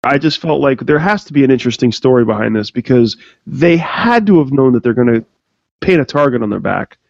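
A man's voice: medium pitch, animated, a little fast, vocal fry, darkish tone, no echo. A man hosting a podcast interview, asking questions and making wry jokes. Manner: joking, wry asides. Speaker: podcast host. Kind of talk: casual interview. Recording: dry, muffled lo-fi.

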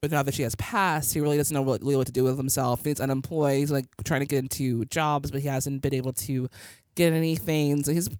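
Smooth-voiced woman podcaster, casual ramble. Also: a bass voice, fairly even intonation, fast, darkish tone, dry recording, clean studio sound. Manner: rambling, filler-heavy recap. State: tipsy from drinking. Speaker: podcast co-host. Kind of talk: casual chat.

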